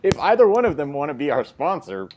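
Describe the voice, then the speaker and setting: A man joins a casual comic book chat, laughing often and throwing in sarcastic remarks. His voice sits slightly high and moves around a lot. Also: big pitch swings, quick pace, darkish tone, a little hiss or hum. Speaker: comic book podcast co-host.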